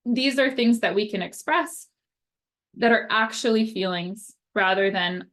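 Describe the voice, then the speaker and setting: A woman's voice: mid-range voice, a little slow, fairly bright tone. Chatty woman teaching communication skills. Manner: conversational, often tags "right?", acts out example phrases. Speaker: occupational therapist. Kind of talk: casual explanatory talk.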